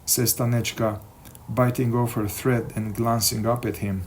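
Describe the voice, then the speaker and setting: A man narrating a novel as an audiobook in a measured, expressive reading voice. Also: fairly low pitch, creaky. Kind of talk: scripted narration.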